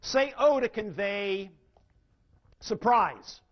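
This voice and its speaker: A man speaking to a live audience at a seminar, often asking questions and pausing for effect. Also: high voice, lively intonation. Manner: asks the audience questions, dramatic pauses. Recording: dull lo-fi seminar recording.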